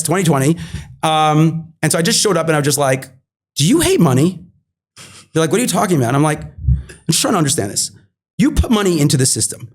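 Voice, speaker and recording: A man in his thirties talks quickly as an interview guest, his voice sitting high. He tells his story with animation and plays out both sides of old conversations. He repeats key phrases for emphasis.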